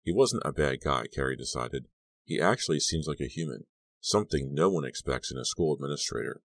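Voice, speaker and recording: A man narrating an audiobook in a steady, even reading voice. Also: very deep voice, a little fast, creaky, dry recording. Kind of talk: scripted narration.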